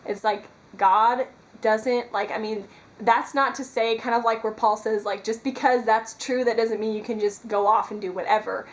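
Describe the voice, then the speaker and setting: A woman's voice: on the high side, fairly even intonation, moderate pace, rough recording. A woman talking earnestly to her camera in a casual devotional vlog, rambling with many fillers. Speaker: Christian vlogger. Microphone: camera mic.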